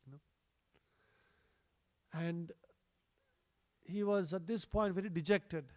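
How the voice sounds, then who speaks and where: A man's voice: high voice, slow. Conversational man telling a sermon story. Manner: conversational, many "you know" fillers, chuckles, quizzes the audience. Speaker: speaker at a temple.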